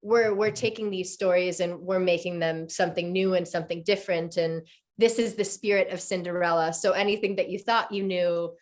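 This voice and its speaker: A woman's voice: on the low side, fairly even intonation, fairly quick. A woman in her thirties, an actress as guest, chatting casually and telling stories with enthusiasm. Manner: enthusiastic storyteller, acts out quotes. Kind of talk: casual interview chat.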